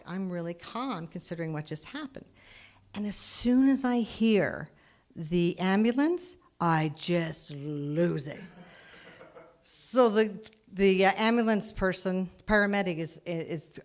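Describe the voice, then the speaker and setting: A woman telling a personal story at a live storytelling event, animated, with dramatic swings in loudness. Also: on the low side.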